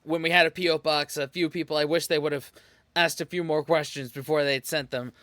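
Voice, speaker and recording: American male host, easygoing, bright voice, higher side. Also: fairly even intonation, a little fast, no room sound. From United States. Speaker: reaction channel host. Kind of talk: casual chat.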